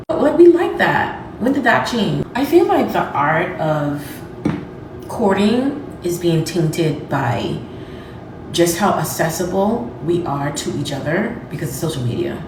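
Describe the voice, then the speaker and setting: A woman's voice: medium pitch, far from the mic, background noise. Woman musing in an echoey room. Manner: questioning, musing. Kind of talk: casual musing to camera.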